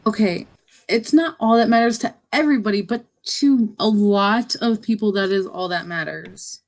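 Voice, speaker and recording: A woman's voice: medium pitch, moderate pace, rough recording. A woman co-hosting a casual podcast, asking easygoing questions and answering plainly. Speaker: podcast co-host. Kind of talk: casual chat.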